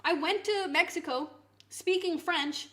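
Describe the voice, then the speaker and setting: A woman streamer chatting casually to her viewers, swinging into loud mock outrage and swearing. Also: very high voice, a little slow. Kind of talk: casual live-stream chat. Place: home kitchen.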